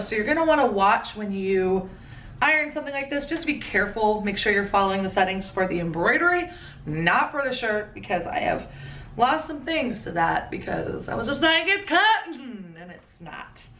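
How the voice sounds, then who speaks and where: A woman's voice: medium pitch, animated, fairly bright tone, distant mic, a little hiss or hum. Chatty woman in her thirties, echoey room. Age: 30s. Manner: chatty and playful, quick asides. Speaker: fashion vlogger. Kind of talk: casual haul commentary.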